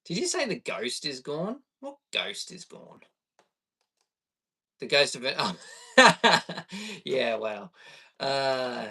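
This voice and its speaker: A man talking loosely on a live stream, his voice of middling pitch. He rambles, answers chat and laughs easily. He sits a little away from the mic, so the sound is thin and distant. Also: big pitch swings, slow pace, creaky, pauses often, bright, forceful tone. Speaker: livestreamer.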